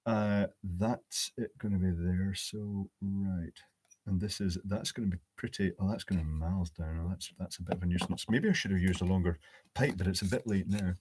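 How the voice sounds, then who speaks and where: A fairly low-pitched man talks through a live electronics build at his workbench, pausing to think aloud and slipping in dry jokes. Faint clicks of tools sit quietly behind his voice. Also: background noise. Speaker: electronics hobbyist host. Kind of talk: live-streamed workbench build, answering chat.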